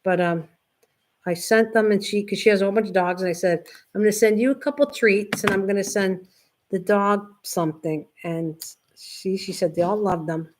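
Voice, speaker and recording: A woman's voice: mid-range voice, moderate pace, slight background noise. An older woman hosting a casual craft livestream, chatting in a rambling way and reading viewers' comments aloud. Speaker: livestream host. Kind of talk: casual chat with live viewers.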